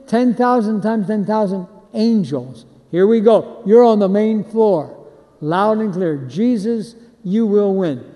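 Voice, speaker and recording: A preacher, a man who speaks slowly and leads his congregation in repeated call-and-response lines. His voice sits high and mellow. A long reverb from a large hall trails behind each phrase. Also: animated. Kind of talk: sermon.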